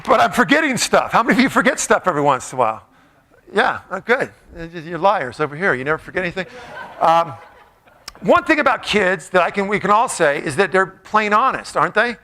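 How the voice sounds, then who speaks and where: Bright, high-voiced playful male speaker. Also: very animated, brisk, a little hiss or hum. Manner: playful, joking, asks the crowd questions. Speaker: motivational speaker. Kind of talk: live talk to an audience.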